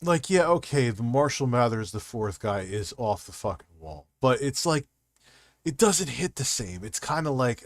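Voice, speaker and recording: A man's voice: medium pitch, big pitch swings, moderate pace, no echo. Man, streamer host, reaction commentary, sarcastic, ranting, profane, dry close mic.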